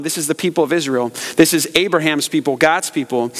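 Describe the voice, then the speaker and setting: A man in his thirties preaching a lively sermon as pastor, acting out quotes and jokes. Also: fairly high pitch, fast talker. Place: church sanctuary. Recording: live sermon in a large reverberant hall.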